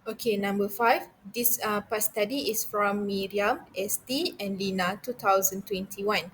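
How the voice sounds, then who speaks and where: A woman's voice: mid-range voice, fairly even intonation, unhurried, a little hiss or hum, low-quality recording. Hesitant young woman presenting. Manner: hesitant, with frequent fillers and restarts. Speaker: university student presenter. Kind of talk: academic class presentation.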